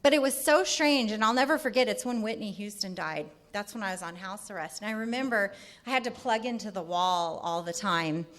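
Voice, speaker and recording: A middle-aged woman from California telling her recovery story at a meeting in a candid, halting way. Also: mid-range voice, fairly bright tone. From California, USA. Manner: candid, halting, lots of fillers.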